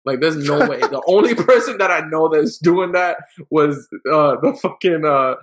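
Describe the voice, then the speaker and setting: A man's voice: a little high, normal speed, a bit bright. A man co-hosting a sports podcast, laid-back, laughing often and using profane slang. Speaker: podcast co-host. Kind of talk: casual sports podcast chat.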